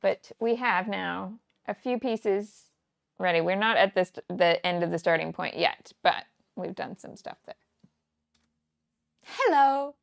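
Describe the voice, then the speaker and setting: Her voice medium-pitched, unhurried and creaky, a scrapbooking teacher in her forties from the Kansas City area hosts a crafting livestream, chatting as she works. She tells meandering stories and laughs a lot, and the studio-quality audio has no room sound.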